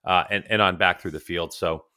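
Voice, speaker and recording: A man's voice: deep voice, steady tone, a little fast, pushed and bright, smooth. A man co-hosting a racing podcast over a remote call, telling long, teasing stories in casual chat. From California. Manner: rambling storyteller, teasing. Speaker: podcast co-host.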